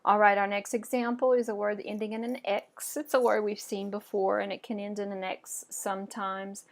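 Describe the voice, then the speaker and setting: A woman's voice: medium pitch, level tone, moderate pace. A woman teaching French pronunciation in an online lesson. She speaks patiently and encouragingly, often checking in with "okay?" and praising learners. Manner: patient, encouraging, with frequent "okay?" and "all right".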